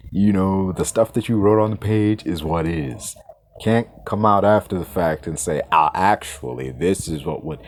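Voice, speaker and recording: A man hosting a podcast, ranting with exasperation and lots of swearing, swinging from shouts down to mutters. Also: lowish voice. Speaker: podcast host. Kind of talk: ranting solo commentary.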